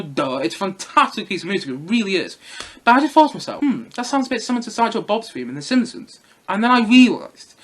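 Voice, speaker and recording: A man's voice: high-pitched, fairly bright tone. A man giving a casual, enthusiastic film review, rambling and repeating himself.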